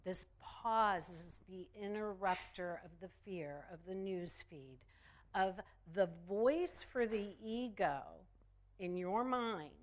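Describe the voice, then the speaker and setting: A woman minister delivering a sermon, slow and emphatic, repeating phrases for effect. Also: mid-range voice, slight background noise.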